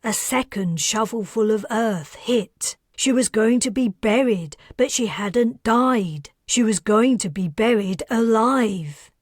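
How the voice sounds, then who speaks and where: Slow, husky woman narrating an audiobook. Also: on the high side, expressive, no echo, studio quality.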